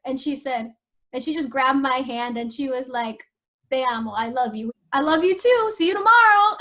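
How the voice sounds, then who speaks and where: A young woman on a podcast, telling a painful personal story in an emotional, halting way with many fillers. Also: high-pitched, fairly bright tone. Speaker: podcast host.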